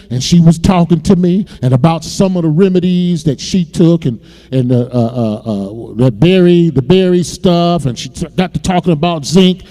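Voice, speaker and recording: A man with a very high voice preaches, telling his own story with emotion. He repeats words as he builds. His voice rings with a long reverb in a church sanctuary. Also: mellow. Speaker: pastor. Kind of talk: sermon testimony.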